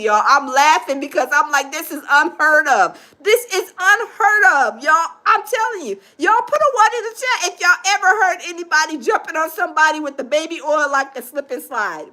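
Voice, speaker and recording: Woman host, very high and tense, excitable reaction commentary, keeps calling out to the audience. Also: normal speed, hardly any pauses. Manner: exclaiming, laughing, addressing viewers as y'all.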